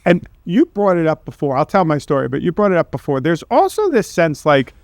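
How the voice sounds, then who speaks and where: A man's voice: a little high, very animated, fairly quick, vocal fry, dry recording, studio quality. A man co-hosting a podcast, telling rambling childhood stories with laughs and casual swearing. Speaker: podcast co-host.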